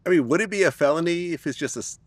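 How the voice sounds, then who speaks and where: A man's voice: on the high side, very fast, no room sound. A man hosting an interview, asking short questions and recapping what happened. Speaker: interview host.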